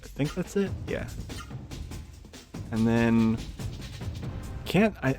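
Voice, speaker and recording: A man talks through a game in a casual, unhurried way, his voice carrying a gravelly edge. He swears freely and is quick to rant at the characters on screen. Faint game music sits behind him. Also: medium pitch. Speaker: let's play gamer. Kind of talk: casual gameplay commentary. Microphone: desk microphone.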